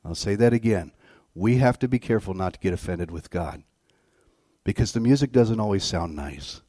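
A man preaching a sermon as a guest pastor, telling stories and swinging from quiet asides to loud outbursts. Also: fairly low pitch, normal speed, no echo, clean studio sound. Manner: animated storytelling, swings from soft to loud.

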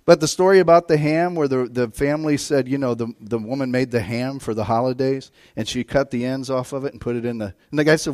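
A middle-aged man preaching a sermon in a church, telling stories with big swings from quiet to loud and excited. His voice sits at an ordinary pitch, and it is recorded close and dry with little room sound. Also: fast, hardly any pauses, no room sound. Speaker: guest preacher.

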